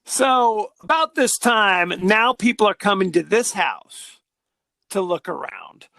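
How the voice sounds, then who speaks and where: A man's voice: high-pitched, lively intonation, slow, creaky, pushed and bright, no room sound. A man co-hosting a podcast, chatting casually about a film and animatedly retelling scenes. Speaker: podcast co-host.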